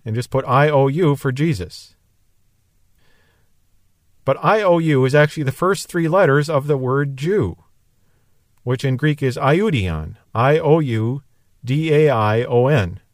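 A man's voice: medium pitch, no room sound, clean studio sound. A man teaching verse by verse from the Bible, explaining in a musing, conversational way.

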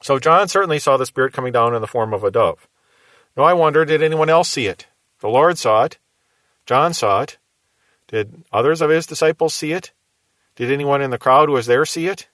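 A man teaching through Bible verses in a measured, explaining way, often asking rhetorical questions. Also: mid-range voice, fairly bright tone, no echo.

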